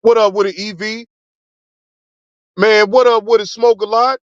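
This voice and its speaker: A man's voice: high voice, fairly even intonation, measured pace, dry recording. A man hosting a livestream, answering his chat in laid-back, rambling, profane casual talk. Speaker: livestream host. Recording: dull lo-fi sound.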